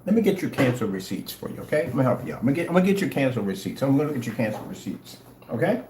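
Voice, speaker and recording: A man's voice: mid-range voice, rapid-fire, a little hiss or hum. Mocking man ranting in an echoey room. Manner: mocking, confrontational, animated. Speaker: vlogger. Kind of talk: ranting commentary.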